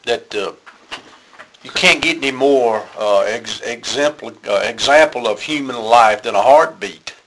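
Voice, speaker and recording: Halting man in a group discussion. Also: medium pitch, noisy background. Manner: hesitant, halting, with many fillers. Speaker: study group member.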